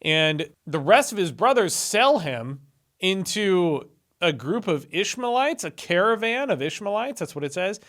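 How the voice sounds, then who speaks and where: Chatty, irreverent young man, slightly high voice. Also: very animated, measured pace, fairly bright tone. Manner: chatty and irreverent, with sarcastic asides. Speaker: video host retelling Bible stories. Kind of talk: casual commentary.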